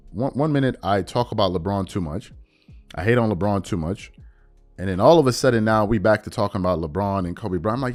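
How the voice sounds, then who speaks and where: A man talking casually about basketball on his vlog, getting loud and emphatic as he argues his point. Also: lowish voice, fairly quick, soft background music. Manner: animated, gets loud and emphatic when riled. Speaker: basketball commentary vlogger. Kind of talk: casual commentary monologue. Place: lives in Nigeria now.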